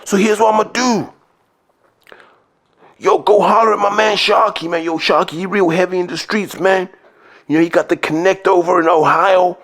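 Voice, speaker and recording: A man's voice: high voice, steady tone, normal speed, fairly bright tone, voice pushed up. A man putting on a pushy New York street hustler. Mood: hyped, persuasive. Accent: put-on New York street accent. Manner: wheedling, insistent, repeats "man" and "B". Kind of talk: comic impression in a podcast rant.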